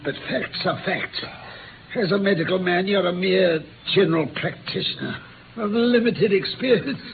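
Sherlock Holmes, ill and imperious. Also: male voice, high voice, gravelly, slight background noise. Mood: cold, cutting. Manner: weak, halting, then sharp and imperious. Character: gravely ill detective, proud and commanding. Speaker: detective. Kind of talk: old radio drama acting. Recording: tinny old radio broadcast with music.

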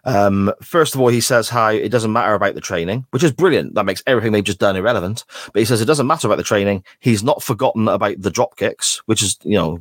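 A man's voice: on the low side, no echo. A man co-hosting a wrestling podcast, recapping a clip in a sarcastic, sweary, casual way. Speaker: podcast co-host. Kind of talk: casual chat.

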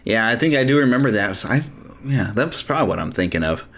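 Chatty, excitable male podcast host. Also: mid-range voice. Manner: eager, chatty, quick to laugh. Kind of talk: casual chat.

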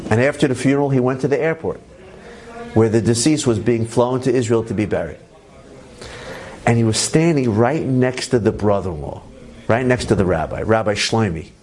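Guy rabbi telling a story to his class, casual and lively, does the voices. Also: medium pitch. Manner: conversational, informal phrasing.

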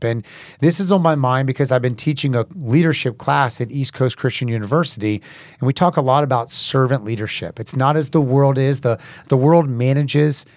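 A man's voice: mid-range voice, dry recording, studio quality. Earnest man reading and reflecting on scripture. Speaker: podcast host and leadership teacher. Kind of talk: Bible reading and devotional talk.

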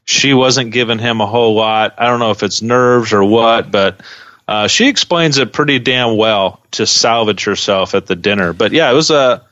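A man's voice: mid-range voice, moderate pace, fairly bright tone, no room sound, lo-fi sound. A man co-hosting a podcast, chatting casually and talking through his take on a reality show. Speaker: podcast co-host. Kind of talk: casual recap chat.

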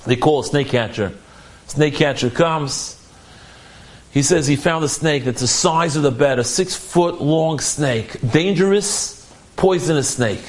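A man telling an inspirational religious story in an animated, conversational way. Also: a little high, unhurried.

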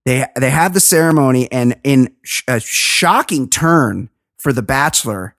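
A woman's voice: extremely low pitch, animated, measured pace, dry recording, studio quality. A woman hosting a podcast, recapping a reality show in a gossipy, sarcastic, profane way. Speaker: podcast host. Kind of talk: casual podcast chat.

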